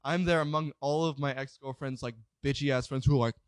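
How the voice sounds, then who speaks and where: A young man telling a story in casual chat, rambling, swearing freely and filling every pause with "like". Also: mid-range voice, steady tone, no echo. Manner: rambling, swears a lot, fills with "like".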